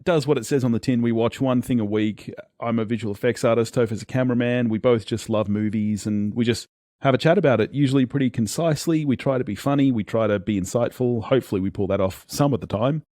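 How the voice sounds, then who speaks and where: A man's voice: medium pitch, fast talker, mellow, no room sound, studio quality. A man, a guest on a movie podcast, chatting casually and lightly self-deprecating.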